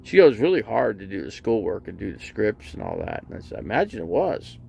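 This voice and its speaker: Gravelly guy rambling through a story, lots of you know, voice jumps all over. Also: lowish voice, wildly swooping pitch, fairly quick, darkish tone, a little hiss or hum. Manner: acts out both sides of a remembered conversation. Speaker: RV vlogger. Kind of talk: casual storytelling livestream.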